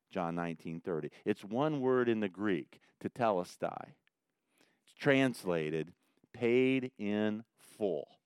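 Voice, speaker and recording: Male pastor, sermon delivery, unhurried, resonant and clean, swings from hushed intensity to near-shouting fervor. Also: fairly low pitch, expressive, smooth, no echo. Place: church in Indianapolis.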